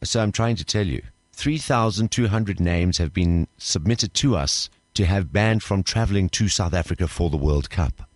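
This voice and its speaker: Deep-voiced man, formal and deadpan. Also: moderate pace, no echo. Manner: formal, hesitant, politely officious. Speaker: radio prank caller. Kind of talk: deadpan prank phone call.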